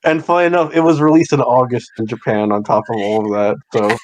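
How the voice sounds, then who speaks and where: A young man with an ordinary, mid-pitched voice talks in a relaxed, casual way as a podcast co-host. He leans on fillers and drops dry asides as he goes. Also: quick pace, a little hiss or hum, poor audio. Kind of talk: casual chat.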